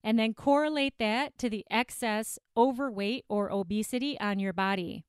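Chatty woman podcast host, clear voice. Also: fairly high pitch, moderate pace, no echo, studio quality. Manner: chatty, self-deprecating, emphatic. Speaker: podcast host and eating coach. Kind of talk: solo podcast monologue. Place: home office recording studio.

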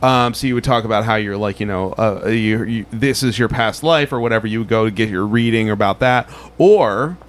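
A man's voice: lowish voice, brisk, few pauses. Rambling man in casual chat. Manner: rambling, heavy on fillers like "like" and "um". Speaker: podcast co-host.

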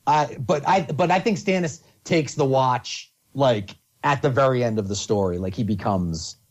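Rambling, animated man in casual chat. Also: medium pitch, normal speed. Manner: rambling, animated, restarts a lot.

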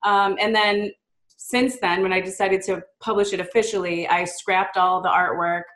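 A woman's voice: medium pitch, fairly even intonation, normal speed, a bit bright. A woman being interviewed about the children's book she wrote, chatty and upbeat, with lots of "um" and "like". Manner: chatty and upbeat, many fillers like "um" and "like"; mimics a child's voice in quotes. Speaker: guest, children's book author. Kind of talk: casual interview chat.

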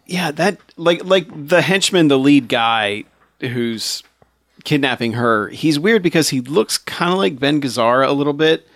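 A man's voice: on the high side, lively intonation, unhurried, fairly bright tone, no echo, studio quality. Laid-back man sharing a movie opinion. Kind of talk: casual movie recap chat.

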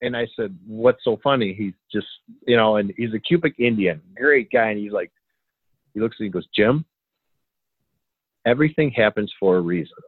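A man telling a story in a casual, animated way, acting out the dialogue and chuckling as he goes. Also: fairly low pitch, fairly quick, slightly rough, dry recording. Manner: animated, acts out quoted dialogue, chuckles often. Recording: tinny phone line, dry.

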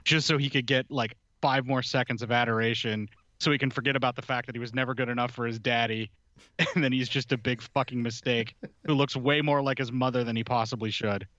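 A man's voice: medium pitch, steady tone, brisk, fairly bright tone, dry recording, dull audio. A man chatting casually on a podcast, sarcastic and mocking, swearing freely. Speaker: podcast co-host. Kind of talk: casual political chat.

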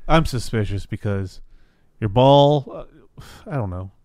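A man's voice: fairly low pitch, lively intonation, a little slow, a little mellow, no echo. A man co-hosting a podcast, casually riffing with crude, sweary jokes. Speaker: podcast co-host. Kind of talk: casual chat.

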